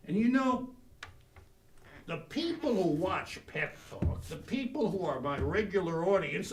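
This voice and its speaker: A man hosting a comedy talk show, telling rambling folksy stories with loud outbursts. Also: a little high, gravelly, roomy sound, recorded from a distance. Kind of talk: comic storytelling monologue.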